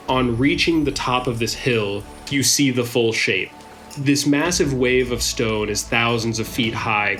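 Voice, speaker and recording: A man running a tabletop game as game master, trading crude jokes with the players and then narrating the scene in a steady, descriptive way. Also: mid-range voice.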